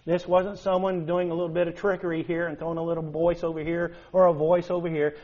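A man preaching a sermon in an animated way, with emphatic rises and rhetorical questions. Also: a little high, fast talker. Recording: dull lo-fi recording.

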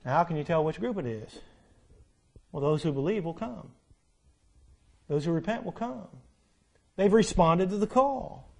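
A male pastor preaching a sermon to his congregation, with emphatic peaks and quiet pleading stretches, full of rhetorical questions and repeated phrases. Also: fairly high pitch, animated, moderate pace, vocal fry, pauses often.

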